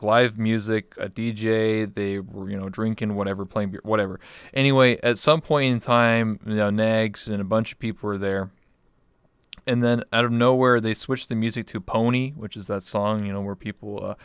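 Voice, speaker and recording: Male host from Canada, smooth but gravelly, dry close sound, rambling casual chat. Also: lowish voice, dry recording. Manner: rambling, filler-heavy, laughs easily. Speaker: interview host. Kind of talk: casual streamed interview chat.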